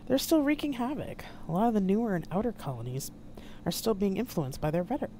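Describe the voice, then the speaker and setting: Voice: mid-range voice, big pitch swings, fast talker, dark tone, slight background noise, voice pushed up. A narrator voicing an insistent military aide in an audiobook reading. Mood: urgent.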